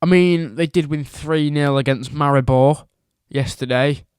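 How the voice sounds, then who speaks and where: A man's voice: fairly high pitch, measured pace, clean tone, dry recording, clean studio sound. A man giving a casual football opinion rant as a vlogger, emphatic and repetitive, firing off rhetorical questions.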